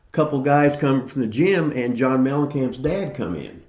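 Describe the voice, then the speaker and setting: An older man from Indiana tells long, rambling stories, swearing constantly and getting animated as he goes. His voice sits mid-range in pitch. It sounds like he's in an echoey room. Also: normal speed. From Indiana, United States. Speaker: podcast host, retired wrestler. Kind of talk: casual profane storytelling.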